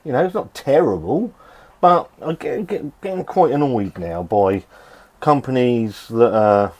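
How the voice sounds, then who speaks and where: A middle-aged man reviews beer in a casual vlog from his home shed, his mid-range voice expressive, unhurried and a little mellow. He swears, grumbles and rambles with restarts, his voice swinging up and down.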